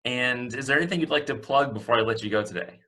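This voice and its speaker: A man's voice: medium pitch, fast talker, bright, forceful tone. A man hosting a comedic talk show, teasing his guest in a dry, sarcastic manner. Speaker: host.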